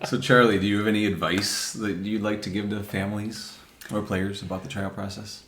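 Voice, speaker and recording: Deep-voiced host in an echoey room. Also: male voice, a little fast, a little hiss or hum. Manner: relaxed, steering questions. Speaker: podcast host. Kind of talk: casual podcast chat. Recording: roomy echo.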